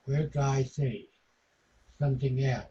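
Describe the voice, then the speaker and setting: Male lecturer, slow and halting, often repeats himself, muffled classroom recording. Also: medium pitch, fairly even intonation, mellow. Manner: halting, repeats short phrases, non-native grammar. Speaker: teacher.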